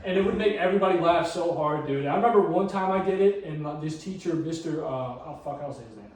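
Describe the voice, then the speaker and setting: A young man co-hosting a podcast, telling rambling, profane stories in a lively way, recorded on a phone from across the room. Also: on the high side, fast, slight background noise. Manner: animated, profane storytelling full of "like" and "dude". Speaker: podcast co-host. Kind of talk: casual group chat. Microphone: phone camera across the room. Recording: echoey room, phone mic from far off.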